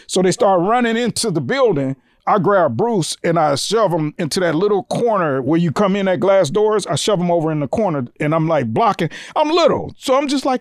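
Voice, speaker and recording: A man's voice: brisk, no echo, studio quality. A man guest on a podcast telling a story in a casual way, acting out the voices of the people in it and swearing freely. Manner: animated, acts out quoted voices with big pitch jumps, swears freely.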